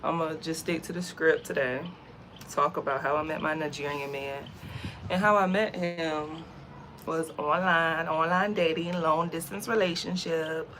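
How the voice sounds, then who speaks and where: A young woman from the States speaks a little slowly in a low voice as she vlogs outdoors. She shares a story in a chatty, energetic manner peppered with slang, over slight background noise.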